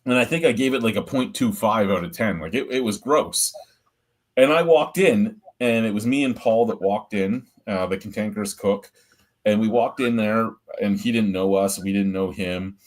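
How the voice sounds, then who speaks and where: A man's voice: lowish voice, normal speed. Blunt, profane man telling stories. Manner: blunt, profane, rambling storyteller. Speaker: host of a beer review show. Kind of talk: casual storytelling chat.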